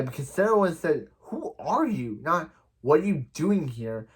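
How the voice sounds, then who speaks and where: A person giving a casual, rambling recap of a TV episode, with many restarts and fillers. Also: mid-range voice. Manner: acts out quoted lines in other voices. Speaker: show reviewer.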